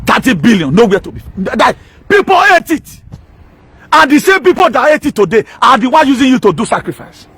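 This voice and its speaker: A man's voice: very high voice, sing-song, quick pace, few pauses, a bit bright, breathy edge. A man with a Nigerian accent preaching an impassioned sermon, driving points home with rhetorical questions and mixing in Pidgin. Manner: emphatic, mixes Pidgin and local words, rhetorical questions. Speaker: pastor.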